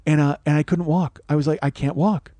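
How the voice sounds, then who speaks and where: A man hosting a podcast, telling a comic personal story in a profane, animated, self-mocking way. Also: on the high side, brisk, no echo. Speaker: podcast host. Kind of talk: comedic storytelling monologue.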